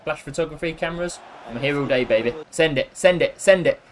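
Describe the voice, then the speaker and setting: Excitable man doing gameplay commentary. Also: fairly high pitch, fairly quick. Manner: excitable and jokey, cheering and scolding players. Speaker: gaming YouTuber.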